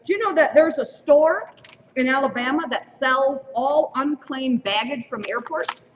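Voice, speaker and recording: A woman's voice: high-pitched, a little slow, far from the mic. A woman emceeing a school mock election, reading out results and tossing in playful trivia asides to an audience. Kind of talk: lively announcing to an audience. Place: school hall. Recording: dull lo-fi stream, roomy hall from afar.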